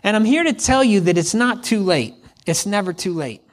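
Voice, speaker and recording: A man's voice: high-pitched, expressive, normal speed. A middle-aged man preaching in a conversational way, repeating lines for emphasis. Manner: conversational, acts out hypothetical quotes, repeats for emphasis. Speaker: pastor. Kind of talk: sermon.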